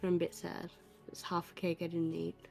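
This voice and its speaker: Low-voiced woman chatting casually. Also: monotone, fairly quick, gravelly, a little mellow, soft background music. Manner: rambling, filler-heavy storytelling. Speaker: tabletop game player. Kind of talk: casual chat before a game.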